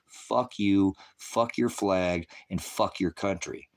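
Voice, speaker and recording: Profane, ranting man with a deep voice. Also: takes it slowly. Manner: profane, heated, scolding; preachy, addressing viewers as brothers and sisters. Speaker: live-stream host. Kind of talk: angry live-stream rant.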